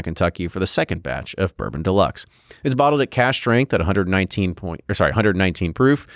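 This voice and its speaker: A low-pitched man hosts a casual podcast news roundup, reading items aloud and then joking about them. His voice is close and dry on a studio mic, with no room sound. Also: no room sound. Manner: chatty, jokey, reads items then riffs.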